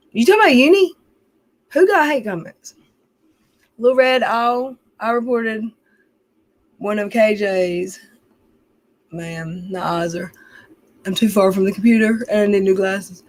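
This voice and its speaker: A woman's voice: medium pitch, lively intonation, normal speed, pauses often. A middle-aged woman, chatting casually on a livestream, rambling, venting and swearing as she reads her chat.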